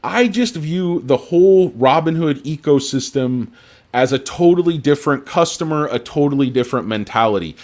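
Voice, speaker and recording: A man hosting a casual livestream about stocks, talking emphatically and rambling with plenty of fillers, swinging from loud, punchy lines to mumbled asides. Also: fairly high pitch, lively intonation, moderate pace. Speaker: livestream host.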